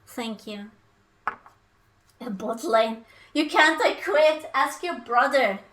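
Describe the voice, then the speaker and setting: Cooking live on stream, a young woman keeps up casual, playful chatter and breaks into goofy sing-song sounds. Her voice is a little high and a bit bright, and she talks slowly.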